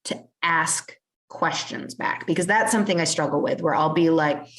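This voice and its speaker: A woman's voice: deep voice, moderate pace, a bit bright. A woman hosting a podcast interview, talking casually with frequent fillers and restarts. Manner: chatty, with lots of "like" fillers and restarts. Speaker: podcast host.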